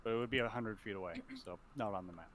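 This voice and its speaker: A man playing a tabletop game, casually asking quick rules questions. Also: lowish voice, a bit bright, slight background noise. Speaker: player.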